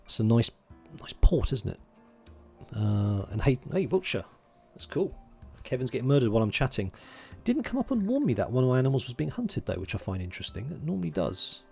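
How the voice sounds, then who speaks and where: Gravelly-voiced man streaming a game. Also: medium pitch, sing-song, fairly quick, a little mellow, faint music behind. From England (London). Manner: chatty, muttering to himself while playing and greeting chat. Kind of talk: casual livestream commentary.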